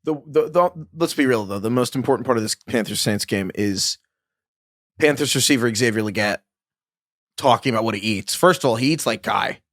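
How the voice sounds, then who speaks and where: A man in casual podcast banter, riffing and joking with his co-hosts. His voice sits at a middle pitch. The sound is close and dry, with no room around it. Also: brisk, a bit bright, dry recording. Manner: jokey, riffing, frequent restarts. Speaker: podcast co-host. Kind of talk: casual sports podcast chat.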